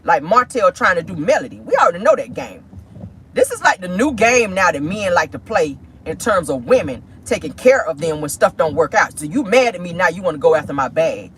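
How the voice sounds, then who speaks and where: A woman's voice: lowish voice, big pitch swings, fairly quick, slight background noise. A woman, hosting casual celebrity gossip commentary with sassy, slangy asides. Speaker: host. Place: in a vehicle.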